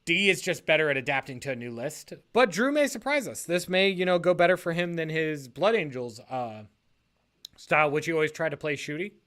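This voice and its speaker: A man with a fairly high voice and a bright, pushing edge chats loosely on a podcast. He rambles, breaks off his sentences to fix them, and laughs as he goes. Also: lively intonation, brisk. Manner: rambling, self-correcting, laughs often. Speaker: league podcast co-host. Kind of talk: casual podcast chat.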